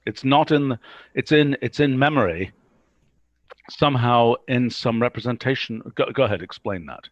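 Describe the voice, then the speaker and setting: A man's voice: medium pitch, moderate pace, no room sound, muffled recording. A man hosts a live-streamed work meeting over a video call, putting blunt questions to his team. His voice sits mid-range and sounds close and dry, with almost no room around it. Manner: direct, pressing questions.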